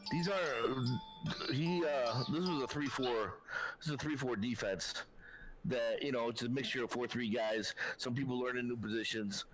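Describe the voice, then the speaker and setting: Man, mid-pitched voice, calm co-host, fillers and restarts, sports podcast. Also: moderate pace, faint music behind, low-quality recording.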